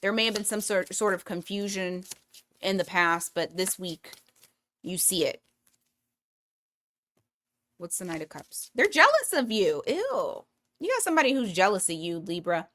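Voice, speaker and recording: A woman's voice: medium pitch, fairly bright tone. A woman giving a casual weekly tarot reading, blunt and profane, thinking aloud as she pulls cards. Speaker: tarot reader.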